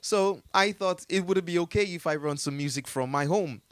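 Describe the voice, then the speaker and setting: A man's voice: on the high side, moderate pace, dry recording. A man with a Jamaican accent telling a story in a casual interview, rambling with many fillers and frequent laughter. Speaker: artist telling his story as a guest.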